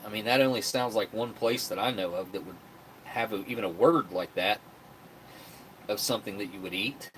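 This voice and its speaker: A man's voice: fairly low pitch, normal speed, fairly bright tone, slight background noise. A man hosting a live stream, rambling chattily and reading out viewer comments. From West Virginia. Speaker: livestream host. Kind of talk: casual live-stream chat.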